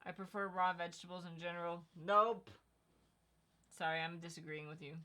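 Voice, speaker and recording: Female co-host, slightly low-pitched, bright tone, chatty livestream banter. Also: fairly even intonation, moderate pace. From Connecticut. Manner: chatty, reads out viewer comments. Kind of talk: casual livestream chat.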